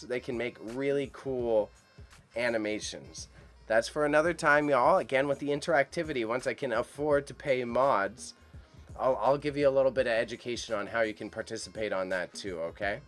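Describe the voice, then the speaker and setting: A man hosting a live stream about an auction, talking casually and enthusiastically to his chat viewers with a lot of slang. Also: mid-range voice. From Canada. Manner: chatty and enthusiastic, speaks straight to chat viewers, uses slang.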